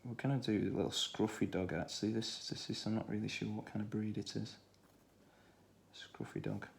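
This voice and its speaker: A man with a Stoke-on-Trent accent, talking through a children's drawing tutorial in a relaxed way, thinking aloud as he draws. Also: on the low side, moderate pace, gravelly, a little hiss or hum. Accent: Stoke-on-Trent English. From England. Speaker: art tutor.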